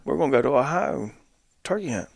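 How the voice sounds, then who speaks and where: A man's voice: medium pitch, animated, fast talker, creaky, no echo, clean studio sound. A man, co-hosting a podcast, tells a hunting story in casual chat and laughs through his punchlines. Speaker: podcast co-host.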